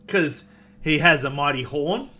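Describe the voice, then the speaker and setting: Bright, giggly, rambling man. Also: on the high side, slight background noise. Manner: giggly, rambling, lots of fillers and restarts. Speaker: tabletop game player. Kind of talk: casual chat.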